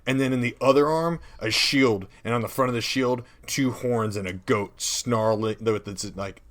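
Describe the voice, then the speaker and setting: A man's voice: medium pitch, moderate pace. A young man co-hosting a tabletop gaming podcast, describing ideas with vivid enthusiasm. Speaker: podcast co-host. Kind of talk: casual brainstorming chat.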